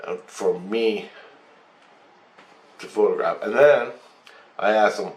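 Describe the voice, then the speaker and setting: A man telling a rambling, profane story in a casual, animated way, acting out what was said. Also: low voice, a little slow, pauses often. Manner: rambling, profane, animated retelling with acted-out quotes. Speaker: channel host. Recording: echoey room with faint noise.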